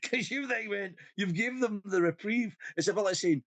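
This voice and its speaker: A man's voice: high-pitched, fairly quick, fairly bright tone, no room sound. A Scottish man co-hosting a podcast in casual chat, acting out quotes and laughing often. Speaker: podcast co-host.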